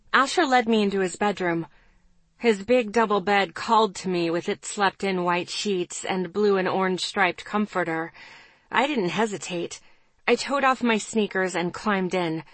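A woman reading a first-person story aloud in a soft, intimate, low-key way. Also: no room sound. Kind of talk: first-person audiobook narration.

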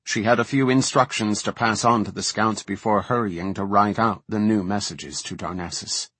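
A man reading a fantasy novel aloud as an audiobook narrator, in a measured, even storytelling manner. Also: on the low side, breathy edge, no room sound.

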